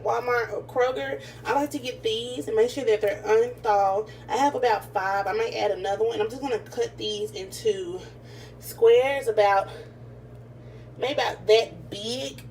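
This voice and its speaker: Chatty woman cooking at home. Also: a little high. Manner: chatty, addresses viewers as y'all and you guys. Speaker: cooking vlogger. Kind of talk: casual cooking tutorial. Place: home kitchen. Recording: slightly distant camera mic, faint room noise.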